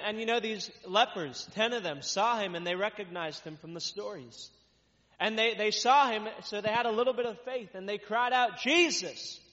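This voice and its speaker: A man, a traveling minister, reading scripture aloud and then preaching in a casual, repetitive way. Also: sits high. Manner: reads scripture loudly, then explains in casual repetitive talk. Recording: dull sound with long reverb.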